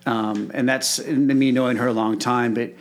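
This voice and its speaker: A man's voice: medium pitch, steady tone, normal speed. Male podcast host, mid-range voice, agreeable and encouraging. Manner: agreeable, encouraging, eager to prompt. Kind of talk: casual interview chat.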